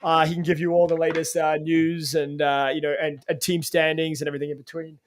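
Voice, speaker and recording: High-voiced Canadian man co-hosting a podcast. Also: monotone, brisk. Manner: hesitant, many fillers and restarts. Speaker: podcast co-host. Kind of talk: casual chat.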